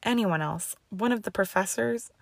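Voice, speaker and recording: A woman's voice: mid-range voice, normal speed, vocal fry, dry recording. Woman narrator voicing an upset young student witch, defiant and pleading, dry close sound.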